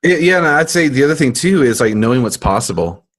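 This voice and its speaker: A man's voice: medium pitch, expressive, quick pace. A man co-hosting a business podcast, chatting casually with easygoing, teasing banter. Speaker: podcast co-host.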